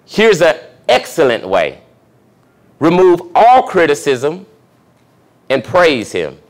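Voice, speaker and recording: A man's voice: a little high, huge pitch swings, slow. A young adult man, a pastor, giving a conversational sermon and checking in with the congregation with questions. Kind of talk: sermon teaching.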